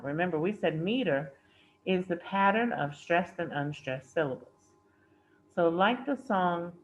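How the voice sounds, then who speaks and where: Patient teacher woman, dull lo-fi recording. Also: on the low side. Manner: patient, repeats points with okay and all right. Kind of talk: recorded classroom lesson explanation. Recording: dull lo-fi recording with faint hiss.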